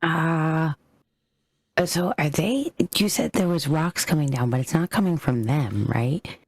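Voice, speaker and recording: A woman's voice: sits low, lively intonation, measured pace, slightly rough. A woman playing a tabletop game, chatting casually and sounding unsure as she searches her notes and trails off mid-thought.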